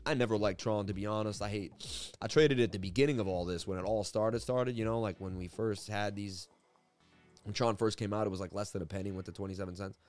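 Quick-talking guy rambling through a story then charts, lots of "like", soft music under it. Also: fairly low pitch. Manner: animated, rambling, frequent "like" fillers. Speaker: crypto market analysis host. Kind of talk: casual storytelling and chart commentary.

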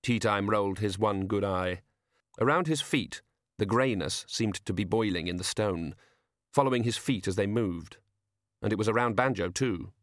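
A man reading a novel aloud as narrator, in a measured, dry storytelling manner. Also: on the low side, no room sound. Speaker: audiobook narrator. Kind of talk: scripted narration.

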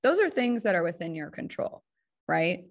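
A woman co-hosting a podcast in casual chat, talking fast and loose with lots of "like" and "right?". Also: fairly low pitch, sing-song. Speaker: podcast co-host.

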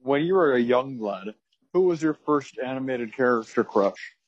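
Teenage male co-host, deadpan and crude; dull, muffled phone-call sound. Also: medium pitch, moderate pace. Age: teens. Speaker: podcast co-host. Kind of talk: casual chat.

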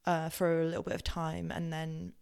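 A woman's voice: low-pitched, completely flat delivery, moderate pace, creaky, a little mellow, clean tone. Rambling posh-accented English woman. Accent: posh southern English. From Southampton, England. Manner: rambling, with many fillers and self-corrections. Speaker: podcast host. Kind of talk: casual personal storytelling.

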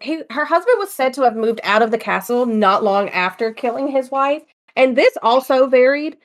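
Woman, higher voice, joking storyteller, casual chat. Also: animated, normal speed. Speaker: podcast co-host. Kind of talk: casual chat, telling ghost stories.

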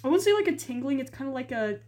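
A woman's voice: high-pitched, sing-song, fast talker, darkish tone. A young woman from Poland co-hosting a podcast, rambling casually with lots of "like" and frequent giggles. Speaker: podcast co-host. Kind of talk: casual chat.

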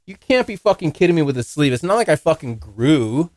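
Young man, podcast host, casual solo storytelling, lively swinging pitch, profane and rambling, dry close sound. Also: a little fast, few pauses, dry recording. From Washington State, US. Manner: rambling, profane, animated when acting out scenes.

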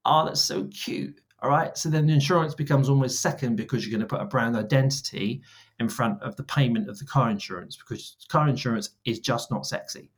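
A man in his forties, a guest on an interview podcast, telling stories with lively quoted dialogue. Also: mid-range voice, fast talker. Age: 40s. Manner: animated, acts out dialogue in quoted voices. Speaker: guest, brand founder. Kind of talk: storytelling interview answers.

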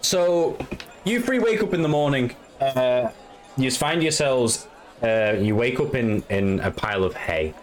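A man's voice: medium pitch, animated, unhurried. A man narrating a tabletop game as game master, rambling with many fillers.

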